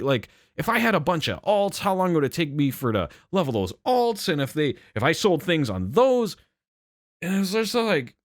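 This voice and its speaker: A young man telling a story in a casual rant, rambling and animated, with swearing and frequent fillers and self-corrections. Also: mid-range voice, no room sound, clean studio sound. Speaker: channel host.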